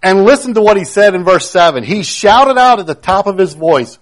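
A man preaching a sermon, emphatic, repeating key phrases and swinging between loud declarations and hushed moments. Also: high voice, expressive, normal speed, hardly any pauses. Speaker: pastor.

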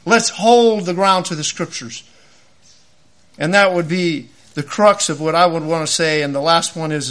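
Preacher guy in his 50s, high bright voice, folksy and animated, tells it like a story. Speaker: lay preacher. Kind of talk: sermon.

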